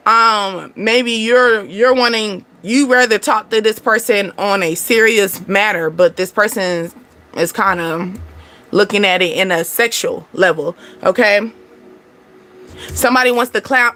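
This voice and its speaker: A woman doing a casual tarot reading, chatty and animated, breaking into laughter as she tells stories. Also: on the high side. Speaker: tarot reader.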